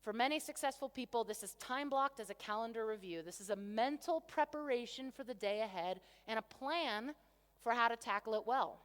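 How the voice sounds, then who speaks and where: A woman coach giving an energetic keynote to a conference crowd, asking rhetorical questions on a stage microphone. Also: sits high. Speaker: motivational coach. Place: large convention centre hall. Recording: long reverb of a big hall.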